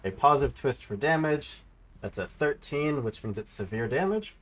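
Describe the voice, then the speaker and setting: A man running a tabletop game as game master, calling out card flips and describing combat damage in a relaxed way. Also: mid-range voice, moderate pace.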